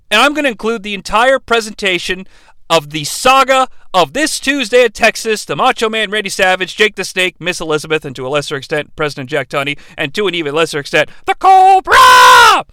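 A man hosting a comedic podcast recap, excitable and swearing freely, with loud outbursts and fast asides. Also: sits high, clear, resonant tone, dry recording. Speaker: podcast host reviewing wrestling.

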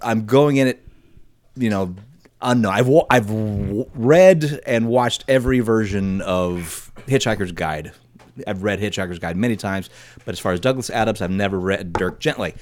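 A man's voice: on the low side, moderate pace, darkish tone. A man hosting a podcast in casual chat, talking about his week with enthusiasm and often restarting his sentences. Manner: chatty, enthusiastic, stumbles and restarts as he talks. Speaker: podcast host.

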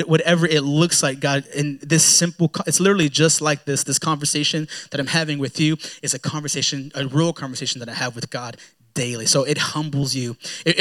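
A man preaching a sermon in a relaxed, conversational way, often repeating words as he acts out his own prayers. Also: on the high side, brisk. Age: young adult to middle-aged, a father. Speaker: pastor.

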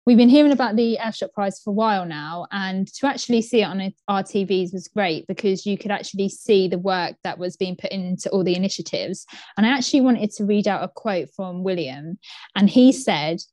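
Relaxed British woman with a regional accent. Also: mid-range voice, fairly quick, dry recording. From Britain. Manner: relaxed, laughs often, chatty. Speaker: podcast co-host. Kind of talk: casual chat.

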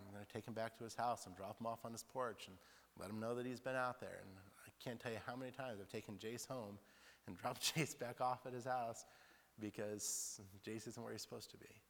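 A male preacher giving a sermon in a chatty, storytelling way, often laughing and tossing in "like" asides. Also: medium pitch. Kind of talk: sermon with personal stories. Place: church hall. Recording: long reverb in church hall.

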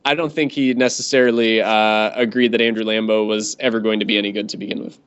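A man's voice: lowish voice, little pitch movement, fast, a bit bright, smooth. A man co-hosting a casual sports podcast, talking with dry sarcasm and frequent laughs. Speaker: podcast co-host. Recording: dull lo-fi sound.

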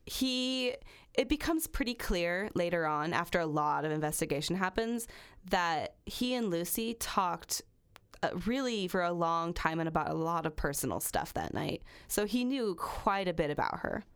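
Casual low-voiced woman reading true crime. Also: animated, normal speed, clean tone. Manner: casual, swears freely. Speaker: podcast host. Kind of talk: true crime podcast chat, reading a passage aloud.

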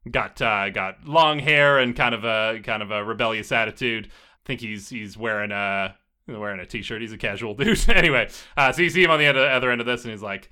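A man narrating as game master in a relaxed, rambling way. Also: medium pitch, brisk, clean tone.

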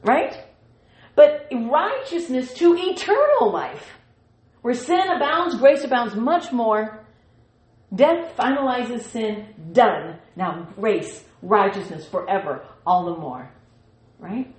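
A woman's voice: on the high side, big pitch swings, takes it slowly, darkish tone. A woman teaching a Bible study in a playful way, with laughing asides and her own sound effects. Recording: echoey room.

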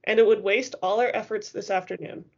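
A woman narrates a first-person novel with steady expression. Her voice sits at a middling pitch. The recording is muffled and lo-fi. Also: fairly quick. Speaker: audiobook reader.

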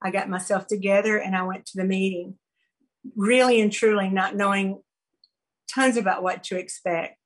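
A woman giving a personal recovery testimony, earnest and halting, with many fillers and restarts. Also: mid-range voice, fairly even intonation, low-quality recording. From American South. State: briefly choked up. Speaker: recovery program speaker sharing her story.

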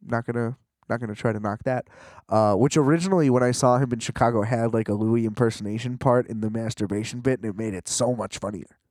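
A man hosting a podcast, delivering a casual comedic monologue with rambling, profane, animated ranting. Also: mid-range voice, fast, dry recording, clean studio sound.

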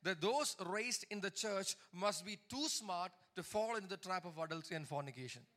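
A high, bright male preacher delivers a sermon. He reads scripture aloud, then breaks off to comment. He drives his points home with repeated lines and calls for the congregation to answer back. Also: lively intonation, brisk. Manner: preaching with repeated emphatic lines and call-and-response. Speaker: pastor.

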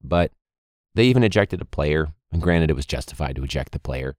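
A man's voice: a bass voice, lively intonation, fairly quick, a little mellow, dry recording, studio quality. A man who is a teacher and football coach hosting a casual podcast, ranting with heavy swearing and frequent laughs.

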